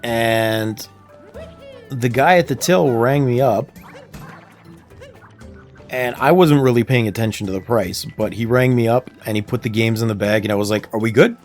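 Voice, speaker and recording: A man's voice: medium pitch, moderate pace, long pauses, darkish tone, faint music behind. A Canadian man chatting casually while livestreaming a game, telling stories and laughing often. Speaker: streamer. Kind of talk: casual gameplay livestream chat.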